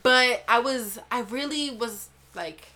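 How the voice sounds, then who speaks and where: A young woman from Brooklyn, co-hosting a podcast and telling a story in a casual, profane, animated way. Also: fairly high pitch, takes it slowly. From Brooklyn, New York. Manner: animated, profane, mimics voices in anecdotes. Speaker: podcast co-host.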